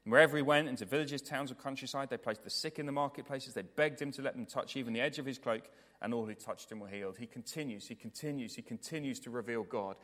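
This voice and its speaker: Male preacher, mid-pitched, earnest delivery swinging loud to soft, heard in a long-reverb church. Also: fast, hardly any pauses. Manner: earnest, repetitive emphasis, swings from loud to hushed. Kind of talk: sermon ending in prayer.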